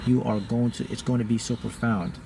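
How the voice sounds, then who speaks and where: A man at an everyday middle pitch talks to his audience like a motivational teacher. He repeats his key lines and suddenly pushes his voice up into loud, high bursts before settling back. A faint hum of traffic sits far behind him. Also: fairly even intonation, fairly quick, gravelly. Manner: emphatic and repetitive, often jumping to loud, high bursts. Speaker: manifesting teacher. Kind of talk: motivational talk to a live audience.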